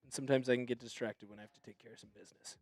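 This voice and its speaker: A man hosting a fan live stream, calling plays in an excitable, chatty way and apologizing when he gets carried away. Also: mid-range voice, very fast, no room sound, clean studio sound, soft background music.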